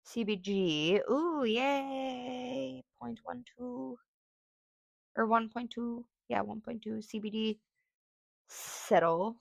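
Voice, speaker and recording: A woman's voice: fairly high pitch, takes it slowly, creaky, long pauses, dry recording, studio quality. A woman hosting a casual solo podcast, rambling and thinking aloud with lots of fillers, swearing and sing-song noises as she reviews a product. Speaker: podcast host reviewing cannabis.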